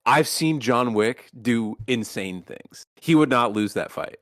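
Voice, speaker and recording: A man's voice: medium pitch, a little slow, a bit bright, no room sound, clean studio sound. Rambling, profane male podcast host. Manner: rambling, profane, many restarts. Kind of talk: casual chat.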